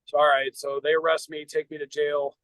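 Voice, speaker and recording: A man's voice: fairly high pitch, flat delivery, a little fast, fairly bright tone, no echo, low-quality recording. A middle-aged American man, a podcast co-host, telling a long personal story in a blunt, profane, rambling way with many restarts. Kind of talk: casual storytelling.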